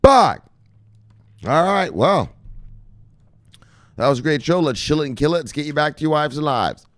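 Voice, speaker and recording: A man hosting a crypto news show in a casual, profane, excitable live-stream style, repeating "look, look" and swearing freely. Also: a little high, a little fast, dry recording, studio quality.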